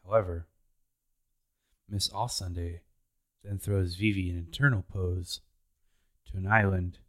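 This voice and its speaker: This man's low voice holds a steady, fairly bright tone as he hosts a podcast. He recaps anime episodes casually and unhurriedly, playfully doing character voices along the way.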